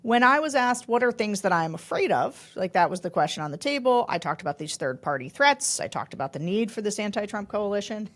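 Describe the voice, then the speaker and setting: A woman co-hosting a podcast, telling stories in a chatty, animated way and laughing often. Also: mid-range voice, brisk, hardly any pauses, slight background noise. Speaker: podcast co-host. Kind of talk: casual political chat.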